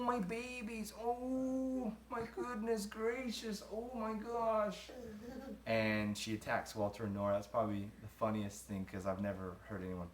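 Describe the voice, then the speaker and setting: A man's voice: on the low side, a bit bright, slight background noise. A young man, a groom-to-be, answering interview questions in a casual, rambling way, trailing off and laughing between thoughts. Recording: roomy echo.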